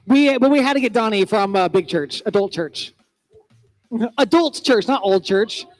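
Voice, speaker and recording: A man's voice: high voice, lively intonation, moderate pace, no room sound. A man co-hosting a youth church service, teasing and playful in joking banter.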